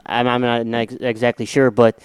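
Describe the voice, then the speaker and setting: Smooth-voiced man with a Chicago accent. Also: mid-range voice, little pitch movement, no room sound. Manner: laid-back, self-deprecating, halting restarts. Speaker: podcast co-host. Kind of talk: casual sports talk.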